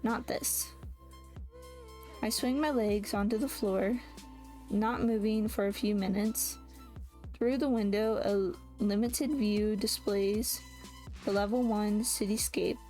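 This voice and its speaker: A woman's voice: mid-range voice, steady tone, slow pace, warm tone, faint music behind. A woman reading a first-person novel aloud, often stopping to correct and restart her words. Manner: reads with frequent restarts and self-corrections. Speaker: audiobook reader.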